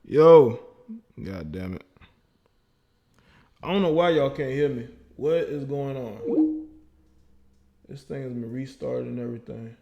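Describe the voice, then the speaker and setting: A man's voice: mid-range voice, fairly even intonation, normal speed, vocal fry, highs cut off. A man hosting a casual call-in livestream, boastful and laughing as he talks to his chat and callers. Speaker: livestream host taking call-ins.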